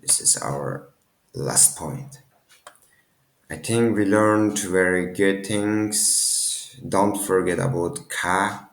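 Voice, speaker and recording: Slow, gravelly low-voiced male teacher. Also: echoey room. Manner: halting, many restarts and self-corrections. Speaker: language teacher. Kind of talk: casual language lesson.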